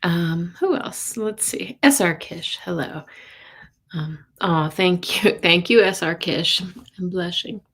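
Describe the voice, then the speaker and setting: A woman's voice: fairly low pitch, fairly bright tone. A woman hosting a casual live stream as a psychic reader, greeting viewers by name in a chatty way.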